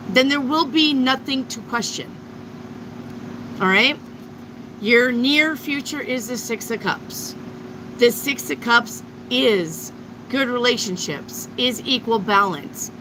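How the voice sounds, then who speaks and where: A woman's voice: fairly high pitch, noisy background. A woman giving a live tarot reading to viewers, blunt and emphatic, with frequent swearing. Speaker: tarot reader.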